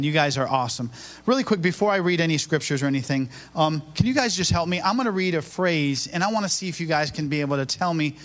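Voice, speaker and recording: Upbeat high-voiced preacher. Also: male voice. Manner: upbeat, talks with the congregation, quizzes them, then prays. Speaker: bishop preaching. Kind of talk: sermon. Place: church before a live congregation.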